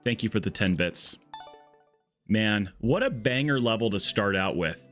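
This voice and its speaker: A man's voice: lowish voice, lively intonation, measured pace, fairly bright tone, faint music behind. A man streaming a platform game live, chatty and jokey, reading out and greeting chat viewers. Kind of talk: casual live-stream commentary.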